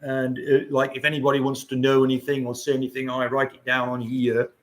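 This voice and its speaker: A man's voice: mid-range voice, completely flat delivery, brisk. An older man hosting a casual livestream, chatting to viewers in a rambling way and chuckling often. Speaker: livestream host. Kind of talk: casual live-stream chat.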